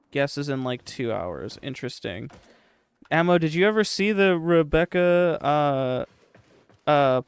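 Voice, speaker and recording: A man's voice: mid-range voice, clean tone. A young man streaming a game, chatting casually with his chat in a sarcastic, profane, rambling way.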